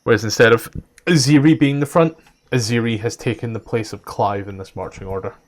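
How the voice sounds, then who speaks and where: A man's voice: medium pitch, a little fast. A man serving as dungeon master, narrating a tabletop game and explaining the scene plainly. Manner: explains things plainly, with occasional fillers.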